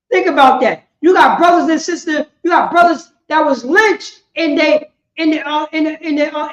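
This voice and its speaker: A woman teaching a religious law class in an impassioned preaching style, repeating herself with emphasis and swinging between shouts and quiet words. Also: high-pitched. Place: indoor meeting room. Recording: roomy, slightly dull lo-fi sound.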